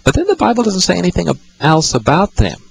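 A man's voice: sits high, huge pitch swings, fast, gravelly, slightly rough, poor audio. A man hosting a call-in radio show, patiently explaining Bible passages to callers. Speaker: radio Bible-teaching host.

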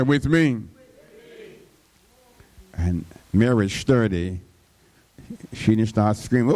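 Slow, call-and-response preacher man. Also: lowish voice, expressive, warm tone. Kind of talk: sermon.

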